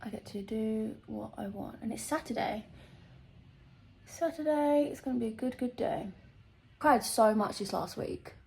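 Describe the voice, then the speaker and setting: A woman's voice: on the high side, unhurried, vocal fry, a little mellow. A woman vlogger talking candidly to camera, emotional and confessional, often tearful and laughing between fillers. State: tearful at times. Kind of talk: candid personal vlog to camera.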